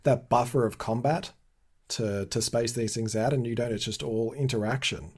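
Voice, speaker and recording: A man with a husky, slightly breathy voice hosts a casual interview. He asks his questions eagerly and tends to gush about what he likes. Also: mid-range voice, normal speed, a little mellow. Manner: enthusiastic, gushing questioner. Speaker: podcast host, interviewer.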